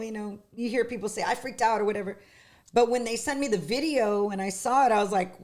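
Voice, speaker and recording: A middle-aged woman, a singer, chatting as an interview guest with lots of restarts and lively retelling. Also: a little high, fairly quick. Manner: chatty, animated storytelling with many restarts. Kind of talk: casual interview chat.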